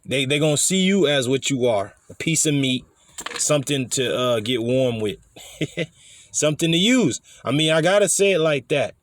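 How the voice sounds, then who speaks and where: A man's voice: mid-range voice, animated, moderate pace. A man preaching over news clips, blunt and scolding, with profanity and frequent restarts. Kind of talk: preaching commentary.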